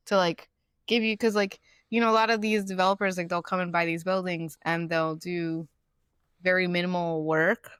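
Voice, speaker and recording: Woman co-hosting a podcast. Chatty, thinks aloud. Slightly low voice, dry close mic. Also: fairly even intonation, normal speed, a bit bright, smooth, no echo. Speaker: podcast co-host. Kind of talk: casual chat.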